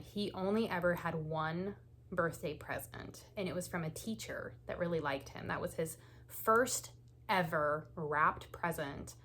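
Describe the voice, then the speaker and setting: A woman's voice: fairly low pitch, fairly bright tone, slight background noise. A woman hosting a knitting channel, telling stories in a chatty, casual way with frequent laughs and lots of "like"s. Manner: chatty, laughs often, many "like"s. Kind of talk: casual knit-and-chat storytelling.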